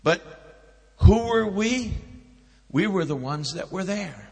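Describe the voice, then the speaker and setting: A man preaching a sermon, swinging between loud emphatic peaks and hushed storytelling. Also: high-pitched, expressive, slow, big-room sound. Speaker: pastor.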